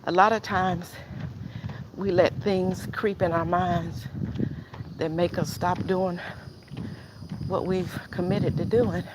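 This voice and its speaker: A woman's voice: on the low side, steady tone, slow, pauses often. An older woman live-streaming her walk, chatting casually to viewers between heavy breaths and sighs, out of breath. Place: outdoors in a neighborhood, walking. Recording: outdoor noise behind.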